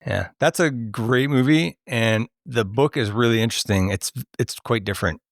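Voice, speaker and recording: A man's voice: mid-range voice, moderate pace, vocal fry, no echo, studio quality. A man hosting a podcast movie quiz, chatting casually and laughing often. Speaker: podcast host running a movie quote quiz. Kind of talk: casual chat.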